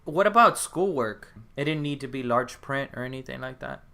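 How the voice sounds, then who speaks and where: A man's voice: mid-range voice, lively intonation, normal speed, vocal fry, sharp tone. A man hosting a podcast, asking questions in an upbeat, encouraging way. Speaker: podcast host. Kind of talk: podcast interview.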